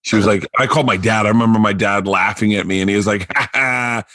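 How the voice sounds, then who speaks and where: A man's voice: fairly low pitch, fast, no room sound. A middle-aged man hosting a podcast, telling stories in a casual chat, swearing a lot and acting out what people said. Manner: animated storyteller, swears a lot, acts out quotes. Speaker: podcast host.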